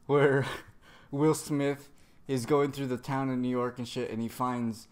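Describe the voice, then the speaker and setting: A man's voice: mid-range voice, flat delivery, measured pace, a little mellow. A man casually recapping a comic chapter, rambling, cursing a lot and trailing off into fillers. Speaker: manga reviewer.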